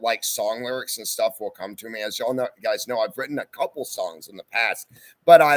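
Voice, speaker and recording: A man's voice: medium pitch, a bit bright, no room sound. A man hosting a casual livestream, reading viewer comments aloud and answering them in an easygoing, chatty way. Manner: easygoing and chatty, often says "y'all" and "hoorah". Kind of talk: casual live-stream chat.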